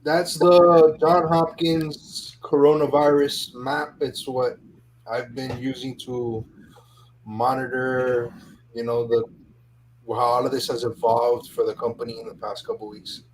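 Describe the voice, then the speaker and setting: A man's voice: mid-range voice, flat delivery, unhurried, poor audio. A man explaining things matter-of-factly in a casual chat, with a faint background hiss. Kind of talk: casual chat among friends.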